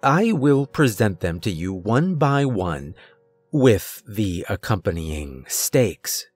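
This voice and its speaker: A man voicing a soft-spoken, sinister older stranger who speaks in a polite, formal way with a quiet mocking edge, in a horror storybook reading. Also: fairly low pitch, very animated, slow, no room sound, soft background music, exaggerated voice.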